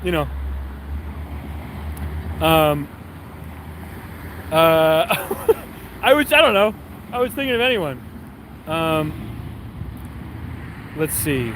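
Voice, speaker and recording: A man's voice: on the high side, lively intonation, slow, pauses often, background noise. A young man streaming, telling a rambling story to his chat with lots of fillers and wry asides. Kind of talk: casual storytelling to a live chat.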